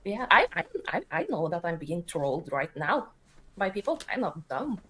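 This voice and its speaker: A middle-aged woman with a Norwegian accent, talking in a casual, rambling way. She turns defensive easily, and her voice sits fairly low for a woman. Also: very animated, moderate pace, background noise. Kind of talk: casual talk.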